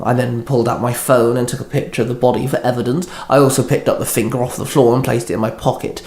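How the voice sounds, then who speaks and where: A man's voice: medium pitch, darkish tone. Man reading a story in an echoey room. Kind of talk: first-person fanfic narration.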